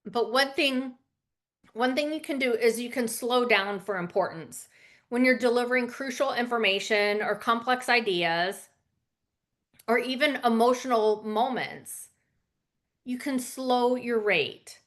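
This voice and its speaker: Woman, public speaking coach, conversational and informal, slightly high voice. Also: measured pace, fairly bright tone. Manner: conversational, frequent fillers and asides. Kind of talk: casual spoken lesson.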